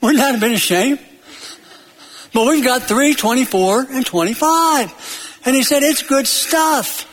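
Male preacher, high voice, emphatic swings from loud peaks to low, recorded in a reverberant hall. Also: animated, measured pace, long pauses. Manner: tells jokes and stories. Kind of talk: sermon.

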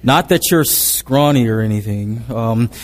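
Stammering preacher in a reverberant church. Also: male voice, mid-range voice, measured pace. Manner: storytelling with humor, repeated words. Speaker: pastor. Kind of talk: sermon. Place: church sanctuary.

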